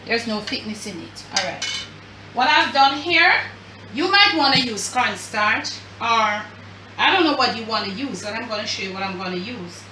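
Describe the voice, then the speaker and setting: A woman's voice: on the high side, expressive, normal speed, sharp tone, recorded from a distance, a little hiss or hum. Chatty Jamaican woman cooking in an echoey kitchen. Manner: chatty, addresses viewers as family and y'all. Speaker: cooking show host. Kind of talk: casual cooking demonstration. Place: home kitchen.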